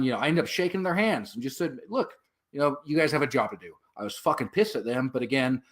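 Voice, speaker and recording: A veteran and activist tells his story as a guest in a casual interview, rambling with many fillers and swear words. His voice is medium-pitched with a fairly bright tone.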